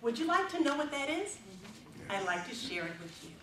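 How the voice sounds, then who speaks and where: A middle-aged woman giving a prepared contest speech on stage, telling a story expressively with dramatic pauses. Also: high-pitched, very animated, sharp tone, a little hiss or hum. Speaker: contest speaker. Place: stage in a large hall. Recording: roomy hall from a distance.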